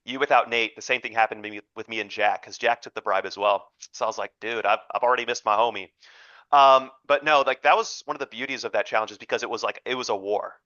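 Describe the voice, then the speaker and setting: A young man hosting a casual chat on a video call, relaxed and reassuring. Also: lowish voice, quick pace, no room sound. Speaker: podcast host. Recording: dull, dry lo-fi mic.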